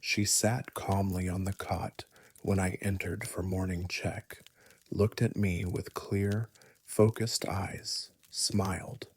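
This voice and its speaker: Deep, slow, husky male horror narrator. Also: level tone. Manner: hushed, often whispery delivery. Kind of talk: scripted first-person horror narration.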